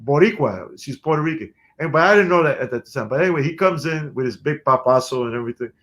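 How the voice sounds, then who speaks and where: A man, a guest musician telling stories in an interview, animated and quick to laugh. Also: on the high side. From New York City. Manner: animated storyteller who laughs often. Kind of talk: storytelling in an interview.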